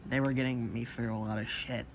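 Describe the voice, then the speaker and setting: Man, casual storytelling, rambling, lots of fillers and swearing, medium pitch, faint background noise. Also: flat delivery, fairly quick. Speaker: channel host.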